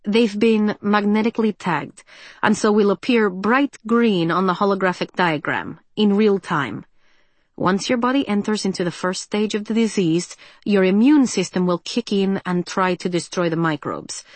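A woman voicing a cold, condescending male doctor who speaks calmly over a speaker. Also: mid-range voice, normal speed, no echo, natural voice. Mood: clinical.

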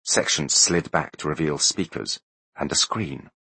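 A man narrating a story aloud in a scripted, expressive storytelling manner. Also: a bass voice, a little slow, gravelly, breathy edge, dry recording. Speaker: audiobook narrator.

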